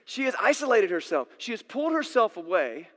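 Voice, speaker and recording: A man's voice: high-pitched, very animated, fairly quick, a bit bright. A man preaching a sermon in a casual, conversational way, acting out the scenes he retells. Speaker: pastor. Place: church sanctuary. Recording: long church-hall reverb.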